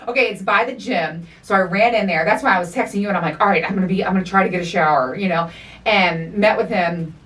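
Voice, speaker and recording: Woman, middle-aged, podcast host, animated storyteller, profane, voice a bit distant. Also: mid-range voice, fast talker. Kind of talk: casual chat.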